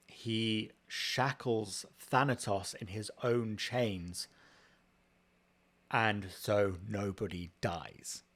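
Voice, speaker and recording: A man, a tattoo artist, talking casually through his work, swearing often and joking in a dry, offhand way. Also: fairly low pitch. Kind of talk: casual vlog narration.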